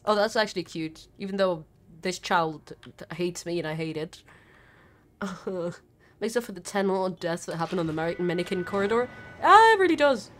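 A woman's voice: lowish voice, expressive, normal speed. A woman streamer giving live gameplay commentary, nervous and chatty, swearing a lot and talking back at the characters on screen. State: nervous and scared.

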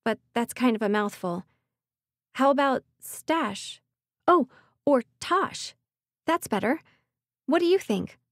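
A woman's voice: sits high, animated, takes it slowly, long pauses, no room sound, voice pushed up, heavily acted. A woman voicing a young heroine who speaks earnestly and urgently, close to her own reading voice. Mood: grateful. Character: young woman heroine, desperate but determined.

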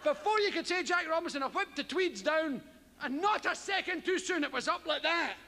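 A man with a very high voice performs a stand-up comedy routine a little fast in a large hall. He's animated, swears freely and acts out the people in his stories, and the live stage recording carries background noise.

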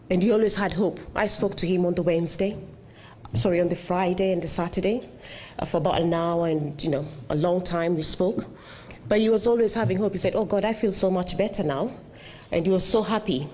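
A middle-aged woman speaks at a memorial with a lowish voice. She talks with halting pauses and fillers, heartfelt throughout, while faint room ambience sits behind her. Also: a little mellow, a little hiss or hum. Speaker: eulogy speaker. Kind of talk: memorial tribute speech.

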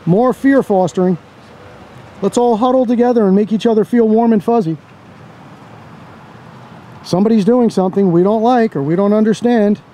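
A man's voice: high-pitched, normal speed, pauses often, warm tone. A man filming outdoors as a First Amendment auditor, giving blunt, sarcastic, casual commentary to his camera with some swearing. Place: outdoors by a parking lot.

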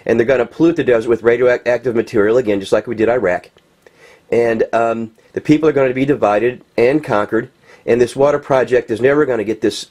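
A man's voice: mid-range voice, a little mellow. Heated, rambling man. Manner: heated, rambling, swearing, many fillers. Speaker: political commentator. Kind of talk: impassioned commentary over pictures.

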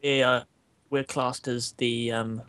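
A man's voice: mid-range voice, flat delivery, slow pace, fairly bright tone, dry recording. A young Englishman with a southern English accent from Kent, chatting while gaming, laughing often and swearing freely. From England. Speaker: gamer. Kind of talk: casual chat while gaming.

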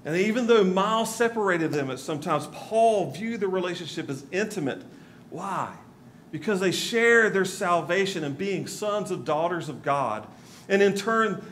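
A man's voice: high voice, animated, moderate pace, fairly bright tone, slight background noise. A male pastor from North Carolina, giving a conversational sermon with asides to the congregation in a church. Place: church sanctuary.

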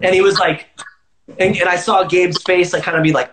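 A man's voice: sits high, fairly quick, fairly bright tone, echoey room, slight background noise, poor audio. A man guest telling a casual story in an interview, rambling with lots of filler words and swearing freely. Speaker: musician guest. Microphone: livestream phone or video call.

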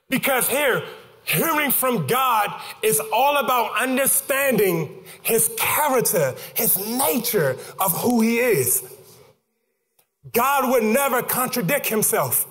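A man preaching a sermon as pastor, calling out to the congregation and swinging into sung, shouted cadences. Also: extremely high pitch, expressive, measured pace. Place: church sanctuary. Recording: church hall reverb with music behind.

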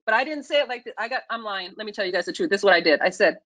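A woman speaking on a video call, telling a personal story with lively acted-out dialogue. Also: mid-range voice, rapid-fire, few pauses, dry recording, low-quality recording. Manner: animated, acts out her own and others' lines. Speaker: featured speaker.

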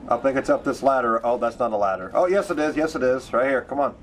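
A man's voice: medium pitch, fast talker, a little hiss or hum. A man playing a co-op game, teasing his friend and swearing. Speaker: gamer. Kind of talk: casual co-op let's play chat.

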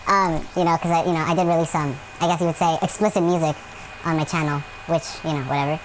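A man's voice: on the high side, little pitch movement, quick pace, a little hiss or hum, low-quality recording. A man giving gameplay commentary at home, rambling with many fillers and breaking into yelps and rants at the game. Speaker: gaming channel host.

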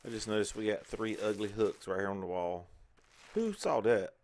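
Male let's-play host, lowish voice, rambling casual self-talk over gameplay. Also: lively intonation, normal speed, darkish tone. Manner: chatty, talks to himself while playing. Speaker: gaming channel host.

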